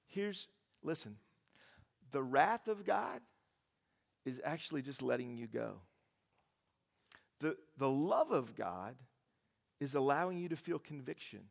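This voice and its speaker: A male pastor preaching a sermon in a church, lively and joking, repeating phrases for emphasis. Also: mid-range voice, gravelly. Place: large church auditorium. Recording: reverberant church hall.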